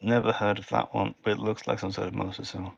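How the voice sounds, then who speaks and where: A man playing in a tabletop game over voice chat, talking eagerly and excitably. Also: fairly low pitch, quick pace, creaky, highs cut off. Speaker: player. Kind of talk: casual play over voice chat.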